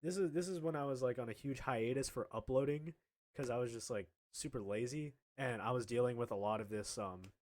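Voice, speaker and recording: A man's voice: medium pitch, brisk. A young man casually telling a story about his school days, laughing often and acting out the other people in it. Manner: animated, laughing, acts out other people's lines.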